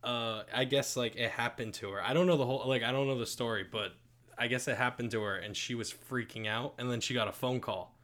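Twenties male co-host, mid-pitched, casual storyteller full of "like" and "uh". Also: steady tone, brisk, fairly bright tone. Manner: storytelling, hesitant fillers, casual. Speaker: podcast co-host. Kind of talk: casual chat.

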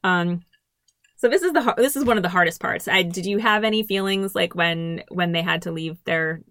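A woman's voice: lowish voice, normal speed, fairly bright tone, no echo. A woman co-hosting a podcast, chatting casually and enthusiastically about a book and reading passages aloud. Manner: enthusiastic, lots of fillers like "um" and "like". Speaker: podcast co-host.

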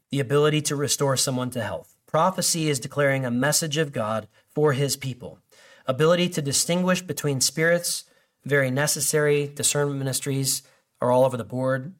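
A man's voice: mid-range voice, normal speed. A man preaching a sermon in a loose, conversational way, with many restarts and fillers. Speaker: pastor.

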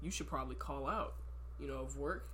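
A woman's voice: a bass voice, a little fast, a bit bright, a little hiss or hum. A woman telling her part of a story in casual chat with friends, with dry, wry asides.

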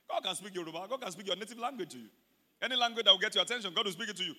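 A pastor preaching with a very high, piercing, sharp-edged voice. He exhorts his congregation with fervent intensity, often breaking into shouts and leading call-and-response lines. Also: lively intonation, racing. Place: church service.

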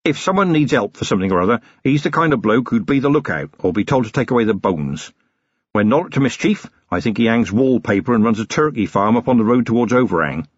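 A wheezy, sly pub landlord and former copper, put on by a male narrator, who grumbles in a coarse voice. The voice is husky and lively, recorded dry on a close mic, and the audiobook sounds slightly dull. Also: medium pitch, quick pace, no echo. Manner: coarse, grumbling working-class talk. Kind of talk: audiobook character reading.

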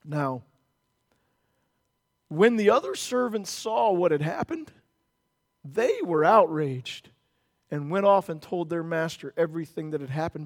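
A man with a very high-pitched voice preaches a sermon with strong emphasis. He slows to hammer key words, then rushes through playful asides where he acts out the characters. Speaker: pastor.

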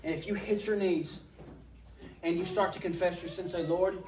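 A man's voice: high-pitched, fairly even intonation, normal speed. Impassioned preacher man, echoey and distant. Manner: impassioned, voice rising to near-shouting at peaks. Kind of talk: sermon. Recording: echoey room, mic at a distance.

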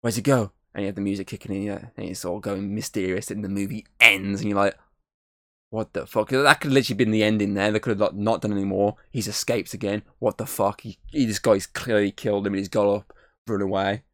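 A man's voice: fairly low pitch, steady tone, fast, a bit bright, dry recording, clean studio sound. A man giving a casual, rambling film review, swearing freely and humming bits of tunes.

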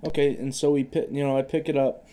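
A young man co-hosts a casual podcast chat, laughing often, swearing a lot and stumbling over repeated k- sounds. His medium-pitched voice is level in tone and fast, with a noisy background.

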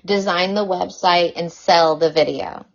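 A woman chatting as a podcast guest, animated and outspoken, with frequent swearing. Her voice sits fairly low. The recording is dull and lo-fi. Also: measured pace, gravelly. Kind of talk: casual conversation.

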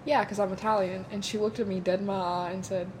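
A woman's voice: medium pitch, level tone, quick pace, noisy background. A young woman co-hosting a podcast in casual chat, telling stories dramatically with bursts of laughter and casual swearing. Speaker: podcast co-host.

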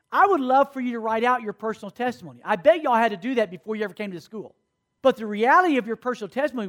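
A man in his fifties with a notably high voice delivers a sermon-style lesson to a room of young people. He talks in an animated, conversational way and keeps checking in with his listeners. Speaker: camp speaker teaching students. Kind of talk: sermon-style teaching to a youth audience.

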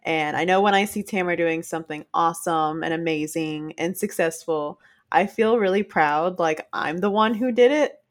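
A woman co-hosting a podcast in casual chat, chatty and laughing often, animated when she retells stories. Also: on the low side, moderate pace. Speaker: podcast co-host.

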